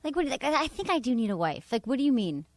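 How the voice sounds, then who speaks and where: A woman's voice: sits high, very animated, rapid-fire, no room sound. A woman hosting a podcast, teasing her guest with probing questions. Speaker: podcast host. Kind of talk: casual podcast chat. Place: studio.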